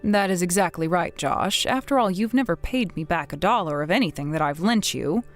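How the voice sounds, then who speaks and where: A woman playing a blunt, widowed older mother who scolds her grown son in a measured, firm way, in a scripted text-message drama. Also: fairly low pitch, lively intonation, soft background music, lightly acted. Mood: stern.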